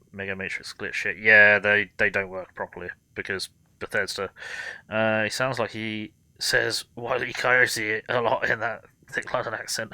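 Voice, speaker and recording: A man's voice: fairly low pitch, pushed and bright, clear, resonant tone, no echo. A man giving casual, wry, sweary commentary while streaming a game. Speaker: gaming streamer.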